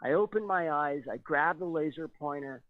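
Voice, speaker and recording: A man tells his story over a tinny, dry phone line, his voice sitting a bit high for a man. He talks in an animated way, a little nervous, and he acts out the voices of the people in it. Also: moderate pace, no echo. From California. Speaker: radio show guest. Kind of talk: telling a personal story on a call-in radio show.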